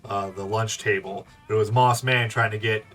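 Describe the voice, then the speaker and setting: A man's voice: on the low side, fairly even intonation, moderate pace, fairly bright tone. A man hosting a casual let's play, chatting, laughing and reading the game text aloud. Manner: chatty, giggly, loose. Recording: off-mic with faint music.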